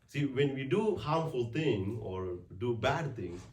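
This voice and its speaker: A priest speaks slowly in a slightly mellow, mid-range voice with lively intonation, giving a conversational weekday homily in church. Restarts and rhetorical questions come up frequently. The recording, from a distant mic, has a roomy church sound.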